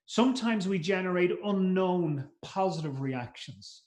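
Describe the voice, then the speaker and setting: A man's voice: high-pitched, lively intonation, measured pace, a little mellow. A middle-aged man giving a live masterclass at a conference, speaking conversationally, repeating words and acting out short quotes. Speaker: trainer. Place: conference room. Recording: roomy echo.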